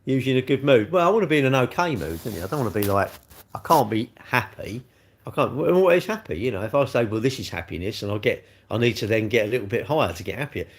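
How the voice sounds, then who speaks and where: A man's voice: medium pitch, expressive, fast talker. A middle-aged man hosting a casual livestream, chatting and answering viewer comments with swearing and rhetorical questions. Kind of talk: casual chat.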